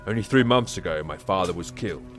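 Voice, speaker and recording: Male actor: deep, pompous comedy lord, theatrical. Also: animated, fast talker, over music. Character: pompous, grieving older lord of a manor. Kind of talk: comedy audio drama acting.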